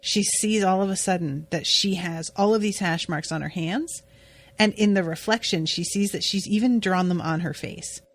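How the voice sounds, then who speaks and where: A woman's voice: on the low side, moderate pace. A woman co-hosting a podcast, recapping a TV episode in casual, chatty talk full of "like" and the odd swear. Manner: chatty, swears, many "like" fillers. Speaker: podcast co-host.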